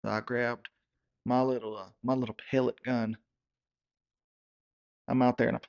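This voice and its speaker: A gravelly, fry-edged man in his thirties rambles through a comic hard-luck story, tripping over his own words. His hillbilly drawl sits at a middling pitch, heard through a dull, lo-fi recording. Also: little pitch movement, normal speed, long pauses, a little mellow. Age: 30s. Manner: hillbilly drawl, stumbling repeats. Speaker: comedy character narrator. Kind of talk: rambling comic monologue in character.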